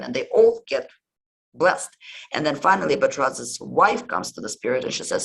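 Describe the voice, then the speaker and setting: Gravelly, husky man hosting a podcast. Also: mid-range voice, sing-song, a little fast, fairly bright tone, low-quality recording. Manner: hesitant, many ums and restarts. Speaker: history podcast host. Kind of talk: casual podcast lecture retelling myths.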